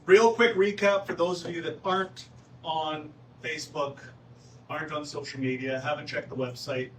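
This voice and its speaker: A man's voice: fairly high pitch, steady tone, moderate pace. A man presenting golf club updates at a town hall meeting, casual and joking with the audience. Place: meeting room. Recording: echoey room, distant mic, faint noise.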